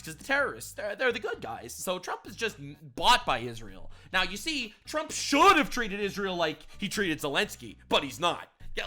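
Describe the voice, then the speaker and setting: High, bright-voiced sarcastic male commentator. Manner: mocking, excitable, sarcastic. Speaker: commentary YouTuber.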